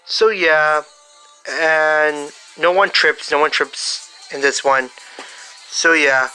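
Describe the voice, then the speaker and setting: A fan storyteller improvising a story out loud, halting with many fillers and restarts. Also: mid-range voice, faint music behind, low-quality recording. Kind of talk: improvised fan-fiction narration.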